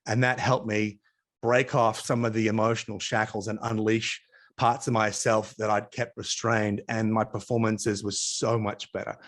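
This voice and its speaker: Australian man telling lively anecdotes. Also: on the low side, moderate pace. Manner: animated, chatty anecdotes with asides. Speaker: interview guest. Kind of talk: casual storytelling interview. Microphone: video call.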